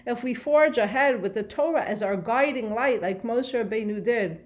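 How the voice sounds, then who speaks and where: A woman's voice: fairly high pitch, normal speed. A woman giving a Torah lesson on the weekly portion. She asks rhetorical questions and translates Hebrew phrases line by line. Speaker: Torah teacher.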